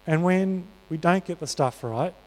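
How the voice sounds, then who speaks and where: A man whose voice is a little high and darkish delivers a sermon a little slowly in an echoing church hall. The talk is earnest and conversational, sprinkled with many fillers.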